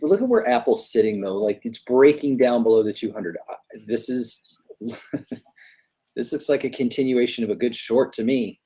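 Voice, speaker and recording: A man's voice: medium pitch, expressive, moderate pace, mellow, slightly rough. A man co-hosting a live trading stream in a laid-back, joking, profane way. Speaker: livestream trading co-host. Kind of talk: casual livestream chat.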